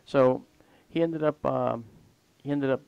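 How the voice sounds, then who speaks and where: A man's voice: medium pitch, a little slow, vocal fry, clean tone, no echo, muffled recording. A man hosting a livestream and telling a long personal story in a casual, rambling way that often trails off mid-sentence. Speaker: livestream host.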